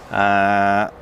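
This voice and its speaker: Lorry driver vlogging from the cab, lowish voice, easy chatty delivery with fillers, faint vehicle noise behind. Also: male voice, gravelly. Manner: relaxed, chatty, many ums and restarts. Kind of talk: casual chat reading viewer comments. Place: in and around a truck. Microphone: action camera with pocket mic.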